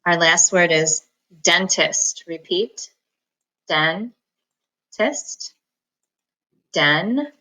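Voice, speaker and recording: A woman teaching a reading lesson, slowly sounding out words and syllables and pausing for the listener to repeat them. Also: fairly low pitch, pushed and bright. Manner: slow, patient enunciation of words and syllables; repeats each word for the listener to echo. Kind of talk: phonics lesson, slow and clear.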